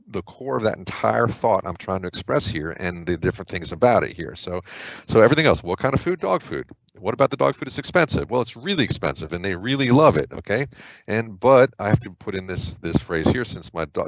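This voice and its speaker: Deep-voiced casual male tutor. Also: vocal fry, no room sound, lo-fi sound. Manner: chatty and informal, with filler words and quick asides. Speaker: test prep tutor. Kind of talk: casual explanatory lesson.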